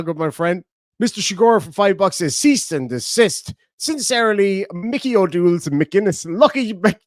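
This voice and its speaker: A man's voice: sits high, fairly bright tone, dry recording, studio quality. An Irish man streaming live, reading out donation messages in casual, bantering chat, swearing and laughing often.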